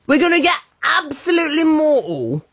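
A woman putting on a put-on Geordie accent to play a rowdy young party-goer woman, loud and boisterous. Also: high-pitched, very animated, normal speed, no echo, clean studio sound, voice pushed up, heavily acted.

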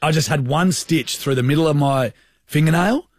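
A man's voice: fairly high pitch, normal speed, breathy edge, no echo. A man in his twenties with an Australian accent, hosting a radio show with playful, jokey banter. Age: 20s. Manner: playful, jokey, animated storyteller. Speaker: radio host.

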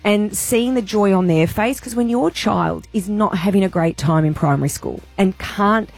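A woman's voice: medium pitch, moderate pace, creaky, darkish tone, husky, dry recording. An Australian woman hosting a radio show, talking in an emotional, gushing way. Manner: emotional, gushing, tearful at times. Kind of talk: radio chat.

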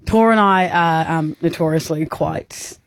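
A woman's voice: deep voice, unhurried, dry recording. A woman with an Australian accent, co-hosting a radio show and telling a story with lots of giggles. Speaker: radio co-host. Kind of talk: casual radio banter.

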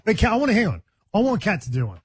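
Husky, animated Australian radio host. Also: male voice, high voice, rapid-fire. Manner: playful, teasing. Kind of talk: breakfast radio banter.

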